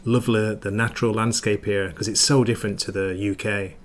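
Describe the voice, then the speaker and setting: A man's voice: on the low side, flat delivery, a little fast. A man from near Manchester, chatting casually as a guest on a livestream video call, self-deprecating and friendly. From northern England, near Manchester.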